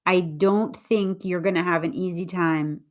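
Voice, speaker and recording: A woman English teacher talking casually on a livestream, explaining her point in a thoughtful, deliberate way with frequent restarts. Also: fairly low pitch, steady tone, a little mellow.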